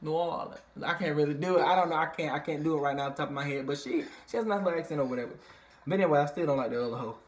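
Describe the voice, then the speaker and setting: A chatty, foul-mouthed reviewer runs through a reality-TV episode in a loose, animated way. The speech is packed with swearing and fillers, and the pitch sits in the middle. Every so often the voice shoots up into squealing impressions of the people on the show. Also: rapid-fire. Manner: animated, swears constantly, fillers like "you know what I mean"; jumps into high squealing impressions of others. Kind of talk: casual profane recap vlog.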